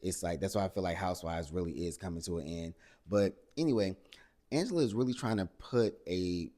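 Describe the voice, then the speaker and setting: A man hosting a casual reality TV recap, animated and exasperated, with salty asides and acted-out quotes. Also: deep voice, a little fast.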